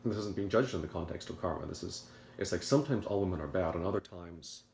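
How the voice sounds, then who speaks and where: A man giving a rambling morning monologue to a video audience, halting and repeating words as he goes. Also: sits low, creaky, a little mellow, echoey room, a little hiss or hum. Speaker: video commentator.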